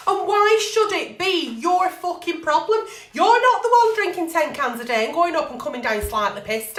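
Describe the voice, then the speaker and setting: A woman's voice: very high voice, lively intonation, moderate pace, fairly bright tone, echoey room. A woman hosting a live advice show, talking bluntly and swearing freely. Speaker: agony aunt show host. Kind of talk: live-streamed advice chat.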